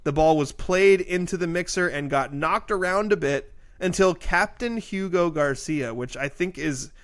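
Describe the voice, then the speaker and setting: A man's voice: a little high, normal speed, a bit bright. A man co-hosting a casual local sports podcast, reading youth soccer results with jokes along the way. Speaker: podcast co-host.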